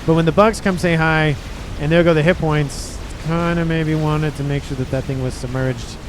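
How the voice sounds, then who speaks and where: A man casting a real-time strategy match, excitable and talking straight to the players. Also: fairly high pitch, moderate pace, background noise. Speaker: game caster. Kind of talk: strategy game commentary.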